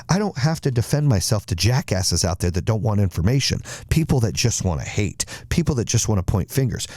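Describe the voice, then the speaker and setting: A male podcast host delivers a blunt, emphatic motivational monologue and swears now and then. His voice is low but very animated in pitch. The sound is close and dry. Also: dry recording.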